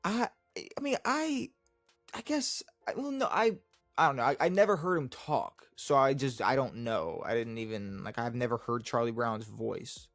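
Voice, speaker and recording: A man's voice: medium pitch, expressive, normal speed, fairly bright tone, no room sound, faint music behind. Laid-back young man hosting a podcast. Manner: rambling, filler-heavy, laid-back. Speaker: podcast co-host. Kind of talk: casual sports podcast chat.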